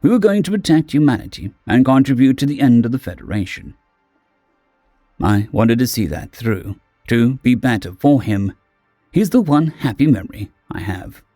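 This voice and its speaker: Male audiobook narrator, animated delivery, warm dark tone, dry close mic. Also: medium pitch, moderate pace, dry recording, soft background music. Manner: expressive, dramatic storytelling. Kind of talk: first-person audiobook narration.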